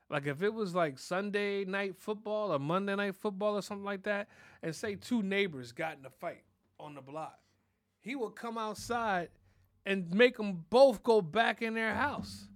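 A man hosting a podcast, telling a crude, animated comic story about his family and peppering it with "you know what I'm saying.". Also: high voice, no echo, clean studio sound. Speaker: podcast host.

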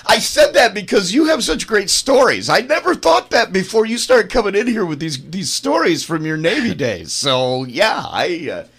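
Higher-voiced man with wildly swinging pitch. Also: sing-song, normal speed, hardly any pauses, fairly bright tone, breathy edge. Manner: joking, wry asides. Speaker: podcast co-host. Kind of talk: casual chat.

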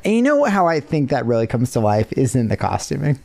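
Animated, swearing podcast co-host. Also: mid-range voice, a little fast, gravelly. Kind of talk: casual chat.

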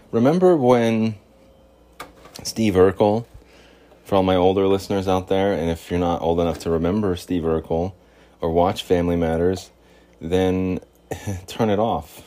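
A man with a very deep voice rambles through a casual solo podcast from home. He is goofy and playful, with a faint hiss of noise behind him. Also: mellow. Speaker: podcast host. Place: home with cats, in Boston.

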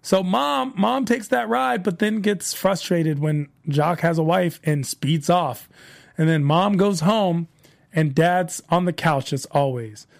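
Brief: male host of a review show, high voice with a gravelly edge, casual and rambling as he recaps episodes and circles back over the same phrases. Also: slow pace. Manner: rambling, repeats phrases, animated retelling.

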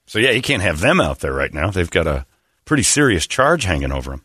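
A man co-hosting a casual comedy chat, animated and quick to joke and laugh. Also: low-pitched, breathy edge, no echo, studio quality. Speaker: co-host.

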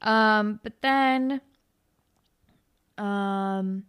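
A woman's voice: mid-range voice, extremely slow, a bit bright, clear, resonant tone. A woman co-hosting a podcast, chatting casually and animatedly about a TV episode, swearing often, hungover. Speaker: podcast co-host. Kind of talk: casual chat recapping a TV episode.

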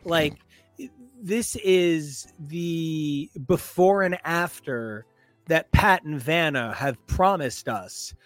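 A man's voice: fairly high pitch, very slow, dry recording, faint music behind. A man co-hosting a comics podcast, casual and jokey, full of puns and playful asides. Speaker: podcast co-host. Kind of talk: casual chat about comics.

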